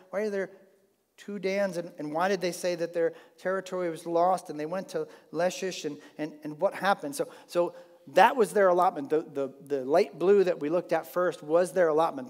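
A man teaching a Bible lesson in an animated, conversational way with frequent restarts. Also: high-pitched. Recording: long hall reverb.

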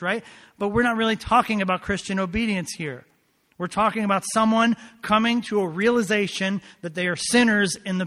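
A man's voice: on the high side, bright, forceful tone, in a large hall. A man preaching a sermon as a pastor, emphatic and conversational, often asking rhetorical questions and adding asides.

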